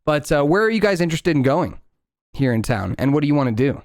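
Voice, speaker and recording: A man's voice: a little high, very animated, fast, no room sound, studio quality. A man running a tabletop game as game master, narrating loosely with lots of fillers and restarts.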